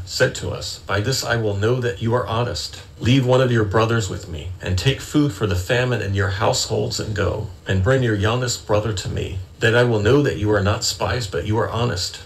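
A man in an online Bible study reading scripture aloud in a steady, measured way, then musing tentatively in discussion. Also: lowish voice, gravelly, poor audio. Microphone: online voice call.

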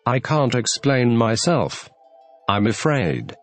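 A man's voice: medium pitch, big pitch swings, slow pace, soft background music. A man voicing a polite, earnest young girl who is puzzled.

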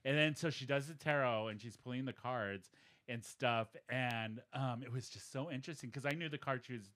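Bright-voiced man telling a story. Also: medium pitch, normal speed. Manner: animated retelling, acting out quoted dialogue. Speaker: podcast co-host. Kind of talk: casual storytelling chat.

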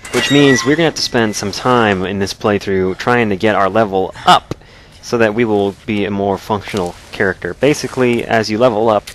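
A man's voice: fairly low pitch, a bit bright. A man hosting a let's play, giving casual gameplay commentary in a joking, explanatory way with frequent chuckles.

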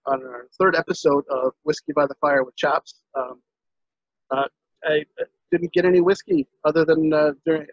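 A middle-aged man hosting a casual home show, speaking haltingly with many fillers and restarts as he signs off. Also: on the high side, no room sound, dull audio. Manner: halting, lots of fillers and restarts, friendly sign-off. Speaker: show host.

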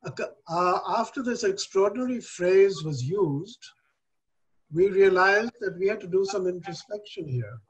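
An older man from India speaking on a panel discussion, measured and deliberate, stressing key points. He talks over a video call. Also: high voice, lively intonation, slightly rough, muffled recording.

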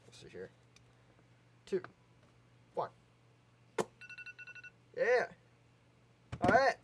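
A man's voice: high voice, wildly swooping pitch, very slow, long pauses, a little hiss or hum. A man hosting a casual let's play, mumbling to himself, trailing off, and humming snatches of tunes as he plays. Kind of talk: casual gameplay commentary.

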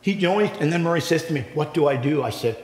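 A man's voice: a little high, animated, very fast, darkish tone. An older man from Canada giving his testimony at a men's breakfast. He tells rambling stories, acts out what people said, laughs along and builds up into preaching. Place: church hall. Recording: echoey church hall, long reverb.

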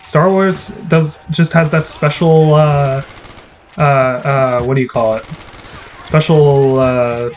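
Gaming host, male, a touch high, chatty and rambling, swears freely, faint game sounds behind. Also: fairly even intonation, slow, a little hiss or hum. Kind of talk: casual gameplay commentary.

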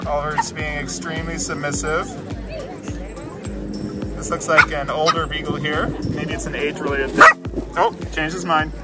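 Man cooing at dogs over loud music. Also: flat delivery, normal speed, long pauses. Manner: coos at dogs in high baby talk, playful growls. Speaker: dog owner filming at a dog park. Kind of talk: casual narration while filming. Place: outdoor dog park.

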